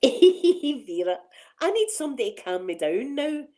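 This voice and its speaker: A woman's voice: sits high, sing-song, measured pace, warm tone, low-quality recording. A middle-aged Scottish woman hosting a casual chat on her ASMR channel, rambling and laughing often.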